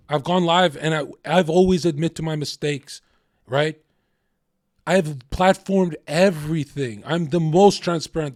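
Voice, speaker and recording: A man's voice: fairly high pitch, no echo, studio quality. A man livestreaming, ranting casually in a heated, profane, rambling way.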